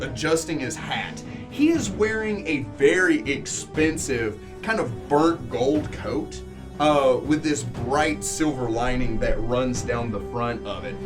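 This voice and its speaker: Male game master, animated delivery, descriptive narration with fillers, over music. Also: medium pitch. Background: background music.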